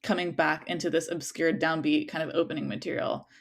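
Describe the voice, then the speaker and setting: A woman's voice: deep voice, fairly even intonation, a little fast, gravelly. A young woman teaching a music interpretation class, chatting casually and singing rhythms on nonsense syllables between explanations. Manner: casual, sings rhythms on syllables, many fillers.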